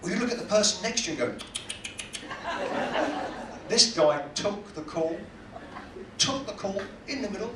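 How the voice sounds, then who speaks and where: A British man performs stand-up in a cruise ship lounge. His voice sits high and swings widely as he teases the crowd and jokes at his own expense. He is miked from a distance in an echoey room with audience noise behind him. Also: expressive, moderate pace, pauses often, a bit bright. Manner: self-deprecating, teasing the audience. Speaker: stand-up comedian. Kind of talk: stand-up comedy.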